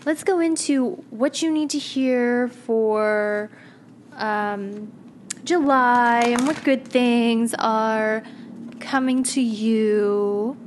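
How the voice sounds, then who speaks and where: A woman's voice: fairly high pitch, very slow, a little hiss or hum. A young woman doing a casual tarot reading to camera, chatty, blunt and slangy, swearing now and then. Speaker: tarot reader.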